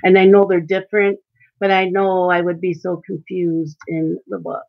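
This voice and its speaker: A woman's voice: lowish voice, little pitch movement, normal speed, creaky, muffled recording. A woman hosting a live stream while she colors, chatting casually with viewers and reading out their comments. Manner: chatty, reads out and answers viewer chat. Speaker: coloring channel host.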